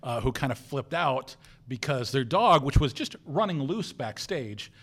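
A man co-hosting a podcast, telling quick anecdotes full of fillers in casual chat. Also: medium pitch, expressive, a bit bright, slightly rough. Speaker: podcast co-host.

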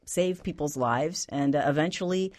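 Low-voiced woman hosting a radio interview. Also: normal speed, dry recording, clean studio sound. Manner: relaxed, with many fillers. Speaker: radio host.

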